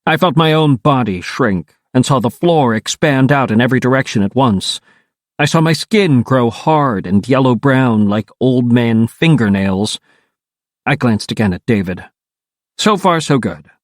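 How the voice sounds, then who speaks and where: A man reading a first-person audiobook in a wry, animated storytelling manner. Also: mid-range voice, a little slow, no echo, studio quality. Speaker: audiobook narrator.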